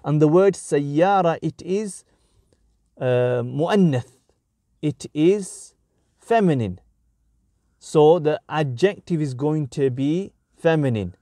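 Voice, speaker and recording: A man giving a grammar lesson at an unhurried, measured pace, his voice mellow and low in brightness. He works through the explanation in short, careful phrases. The sound is dry and close, with no room echo. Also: expressive. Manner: slow, deliberate, breaks sentences into short phrases. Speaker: Arabic grammar teacher.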